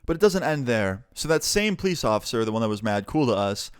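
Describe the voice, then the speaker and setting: A young man tells a storytime vlog in a casual, animated way and swears freely. His voice is smooth and clear at a mid pitch. It is recorded close and dry, with no room echo. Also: quick pace. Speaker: vlogger.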